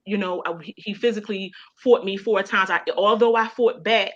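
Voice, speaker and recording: A woman's voice: mid-range voice, steady tone, fairly quick, fairly bright tone. A woman with a Baltimore accent telling a personal story as a guest on a radio show, emotional and conversational, full of "you know". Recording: dull lo-fi sound.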